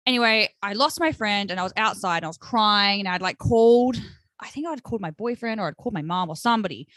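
A young woman co-hosting a podcast, telling a story in casual chat, animated and swearing, with lots of "like" and "right?" fillers. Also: medium pitch, quick pace, dry recording. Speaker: podcast co-host.

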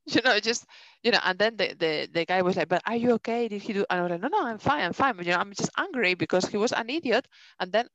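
A woman co-hosting a podcast, telling a story in a casual, animated way, swearing and acting out what people said. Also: medium pitch, no room sound. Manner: animated, swears a lot, acts out dialogue. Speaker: podcast co-host. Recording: dull lo-fi dry sound.

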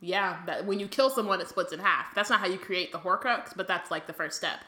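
A woman co-hosts a podcast in casual book chat, reading passages aloud and laughing often. Her voice is bright and forceful, sitting a bit low. The recording has a roomy echo. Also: a little fast. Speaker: podcast co-host.

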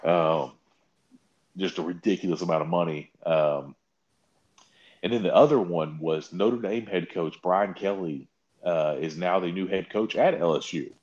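A man with a very deep voice tells a story in casual chat, jumping up sharply in pitch when he mocks what others said. The audio is a little muffled and lo-fi, and he swears freely as he rants. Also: measured pace. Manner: animated storytelling, mocking quotes with big pitch jumps.

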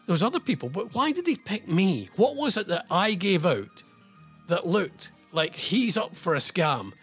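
A man's voice: sits high, sing-song, normal speed, fairly bright tone, slightly rough, faint music behind. An older man hosting a radio show, telling a rambling, self-mocking story in casual chat.

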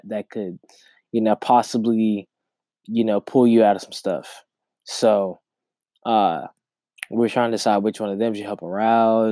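Low, mellow-voiced man telling a story. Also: no room sound. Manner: rambling, repeats words while recounting a story. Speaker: podcast host. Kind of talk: casual solo podcast storytelling.

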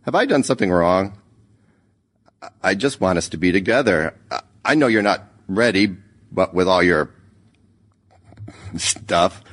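A man voicing a steady but nervous man leaving a hesitant phone message. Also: low-pitched, exaggerated voice. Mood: tender worried. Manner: hesitant, halting.

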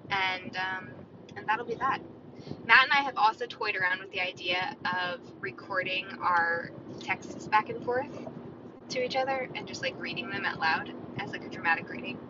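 A woman's voice: mid-range voice, normal speed. Rambling woman podcasting from her car. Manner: rambling, chatty, talks to herself. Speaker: podcast host. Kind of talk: solo casual chat. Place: inside a moving car. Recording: muffled, with loud car road noise.

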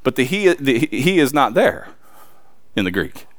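A man preaching a sermon, reading scripture and then talking it through in a casual, emphatic way with sudden loud peaks and quiet asides. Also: medium pitch, very animated, measured pace, no room sound. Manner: reads scripture aloud then preaches conversationally with slang.

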